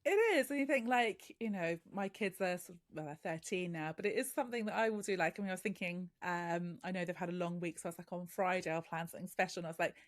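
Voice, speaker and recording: A woman's voice: fairly low pitch, fast talker, few pauses, no room sound. Middle-aged female podcast host, eager and giggly, dry recording. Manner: enthusiastic, giggly. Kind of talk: casual interview chat.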